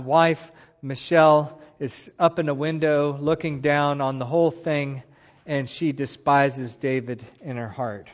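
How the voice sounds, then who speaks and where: A man retells a Bible story in an animated, conversational teaching style. His voice sits a little high. The sound is dull, with a long reverb trailing off.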